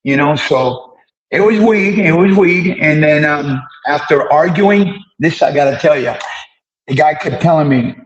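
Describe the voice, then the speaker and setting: An older man, an interview guest, telling stories from his past in a casual, animated way and acting out the dialogue. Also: a little high, measured pace, lo-fi sound. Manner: animated storyteller who acts out dialogue.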